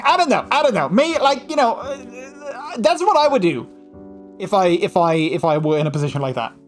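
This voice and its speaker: A male livestreamer with a Dutch accent talks loosely to his chat, drifting through thoughts with plenty of "like" and "um". His sentences restart and trail off. Faint music plays quietly behind him. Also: high voice, very animated, normal speed. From Netherlands. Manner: rambling, full of fillers and restarts; slips into mocking put-on voices when quoting. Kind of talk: casual livestream chat with viewers.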